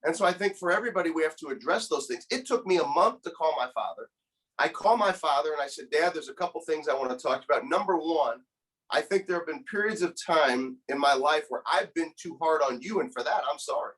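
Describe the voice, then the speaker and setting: A man's voice: on the high side, animated, a little fast, a bit bright, poor audio. A man in his thirties, a motivational speaker, telling a personal story in an earnest, emotional way and often repeating words as he starts a thought. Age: 30s. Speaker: guest, motivational speaker and coach. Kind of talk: conversational storytelling.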